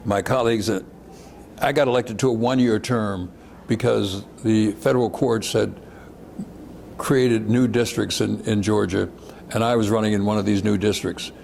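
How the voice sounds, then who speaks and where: A man's voice: on the low side, fairly even intonation, moderate pace, vocal fry, a little mellow, slight background noise. An older man reminiscing as a guest speaker, telling stories over slides and often repeating words for emphasis.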